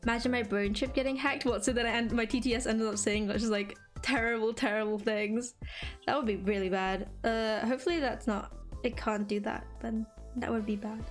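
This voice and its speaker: Chirpy high-voiced young woman streamer. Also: fairly even intonation, a little fast. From England. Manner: rambling, filler-heavy, chirpy. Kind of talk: casual chat with viewers. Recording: faint music behind.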